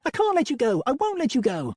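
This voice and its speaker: A man pitching his voice well up to play a bold, playful young woman, excitable and emphatic. The voice rides high, with a husky edge and dry, close sound. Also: a little fast, no echo. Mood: desperate.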